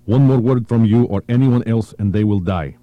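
A man voicing a ruthless male terrorist leader who speaks slowly and in clipped threats. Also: deep voice, no echo, muffled recording. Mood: menacing.

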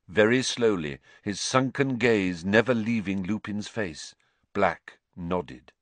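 A man narrating a story with dramatic, expressive reading into a close studio mic. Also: on the low side, slow pace, dry recording. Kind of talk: audiobook narration.

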